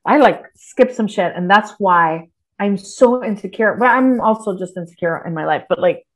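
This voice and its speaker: A middle-aged woman from Texas, a writer on a podcast, talking in casual interview chat, animated, swearing freely and laughing often. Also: medium pitch, moderate pace.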